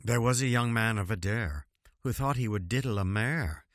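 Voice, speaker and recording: A man's voice: fairly low pitch, moderate pace, fairly bright tone, no room sound, studio quality. A man reading rhymed comic verse aloud at home, with wry, chuckling asides between the verses. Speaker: reader. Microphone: home recording setup.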